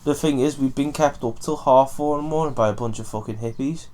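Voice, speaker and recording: A man's voice: mid-range voice, a little fast, warm tone. A young man from Wales, co-hosting a podcast, telling a rambling story and swearing often. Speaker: podcast co-host. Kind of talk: casual chat, storytelling.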